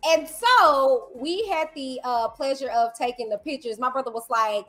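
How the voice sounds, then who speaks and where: A woman co-host telling stories in an animated, hyped-up way. Her voice sits high, and faint music plays behind her. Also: moderate pace. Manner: animated storyteller, hypes with "okay" and "come on". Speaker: podcast co-host. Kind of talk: casual recap chat.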